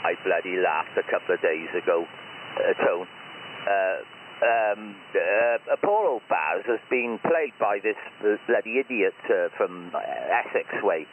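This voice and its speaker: A man, a radio amateur, telling a story on air in a lively, swearing way. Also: sits low, a little slow, slight background noise. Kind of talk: casual on-air chat. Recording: tinny shortwave radio.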